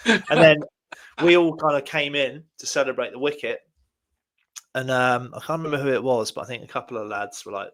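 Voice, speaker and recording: A chatty man on a podcast who laughs easily and reacts with enthusiasm. He speaks at a middle pitch in a relaxed, conversational way. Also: quick pace. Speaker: podcast co-host, former cricketer. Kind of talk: casual chat.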